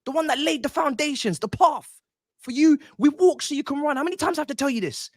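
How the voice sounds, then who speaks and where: A man's voice: extremely high pitch, lively intonation, fast talker, no room sound, clean studio sound. A man, a football fan panelist delivering a theatrical, mock-indignant rant.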